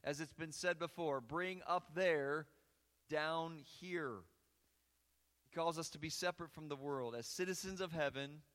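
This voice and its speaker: A man's voice: on the high side, fairly bright tone. A male pastor preaching a sermon and reading scripture aloud with earnest, rising emphasis in a church sanctuary. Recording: long hall reverb.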